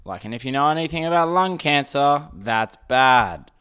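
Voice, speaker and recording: A man's voice: medium pitch, lively intonation, moderate pace, bright, forceful tone, clean tone. A young Australian man hosting a casual solo podcast, ranting in an exasperated way, swearing and restarting his sentences. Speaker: podcast host.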